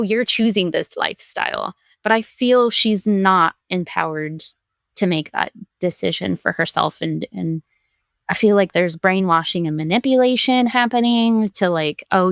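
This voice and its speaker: A woman's voice: on the low side, gravelly, no room sound, clean studio sound. A woman talking as a podcast guest in casual chat, candid and chatty, laughing readily and filling her speech with "like".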